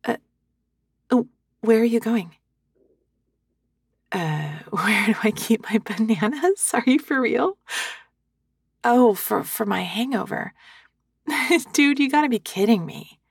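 A woman voicing a hungover young woman who swears and apologizes to the listener in an audio role-play, with halting, self-deprecating talk, close to a sensitive microphone. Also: a little high, lively intonation, gravelly, husky, dry recording, heavily acted. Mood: sheepish.

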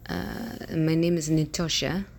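A woman with a put-on Russian accent, speaking halting, flat lines, as a woman hams it up. Her voice sits low, with a gravelly rasp. It sounds like a casual attempt at an accent rather than a polished act. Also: a little hiss or hum. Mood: deadpan. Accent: imitated Russian accent. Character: self-described Russian woman with a thick accent.

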